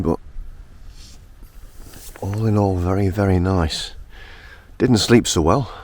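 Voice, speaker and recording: A man with a hoarse morning croak, chatting casually to camera outdoors while hiking. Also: deep voice. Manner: chatty, relaxed, talks to camera. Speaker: vlogger. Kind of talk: casual outdoor vlog narration. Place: outdoors on open moorland.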